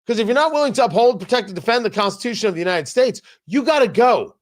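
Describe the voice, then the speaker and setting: A man's voice: very high voice, expressive, fast. A man hosting a political commentary show, delivering a combative, sarcastic opinion monologue with emphatic repetition.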